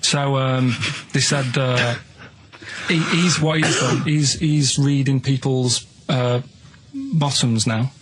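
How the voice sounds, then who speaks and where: Deadpan rambling man on radio. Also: medium pitch, slow, background noise. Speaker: radio show regular. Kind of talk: casual radio chat.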